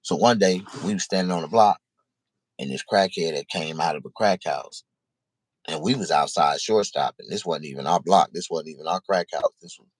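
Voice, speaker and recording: Deep husky-voiced man telling a story. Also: dry recording. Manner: profane, halting, repeats himself. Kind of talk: casual spoken storytelling.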